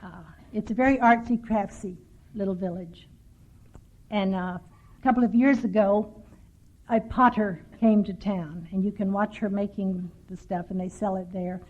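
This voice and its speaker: A woman's voice: mid-range voice, steady tone, moderate pace, a little mellow. An older woman from Texas speaking at a recovery workshop, telling stories with dry, self-mocking humor. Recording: tinny lo-fi 1990s tape.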